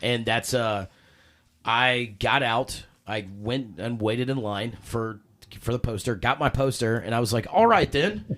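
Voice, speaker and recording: A man, a podcast guest, telling a story in casual chat, animated and full of cursing and acted-out quotes. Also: mid-range voice, unhurried, slight background noise.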